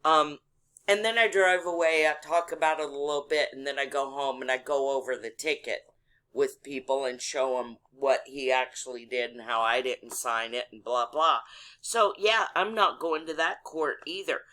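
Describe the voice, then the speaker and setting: A woman's voice: very deep voice, normal speed, fairly bright tone, rough recording. A woman from Texas, a caller telling her story in casual chat, blunt and indignant, with a bit of cursing. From Texas, USA.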